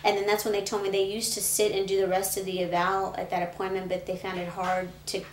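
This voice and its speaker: A woman's voice: mid-range voice, monotone, fast. A woman being interviewed, earnestly recounting a hard, emotional memory. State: pregnant. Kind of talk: emotional personal account. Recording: echoey room with faint noise.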